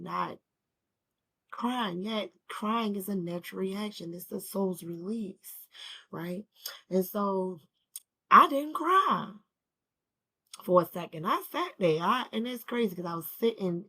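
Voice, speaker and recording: Grieving woman rambling on her vlog, kinda low voice but bright and punchy, slangy, laughs a lot. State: grieving, swinging between calm and anger. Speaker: vlogger sharing a personal story. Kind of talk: casual emotional storytelling.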